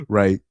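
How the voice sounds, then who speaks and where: A man's voice: a little mellow, dry recording, studio quality. A man in casual livestream commentary, laid-back, laughing often and trailing off mid-thought. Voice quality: deep voice he calls super villain-like. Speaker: reaction streamer.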